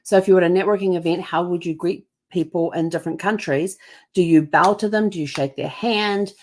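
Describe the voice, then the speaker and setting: A woman's voice: on the low side, brisk, a little mellow. A woman hosting her channel, talking casually and chattily with many fillers. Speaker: channel host. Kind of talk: casual talk to camera.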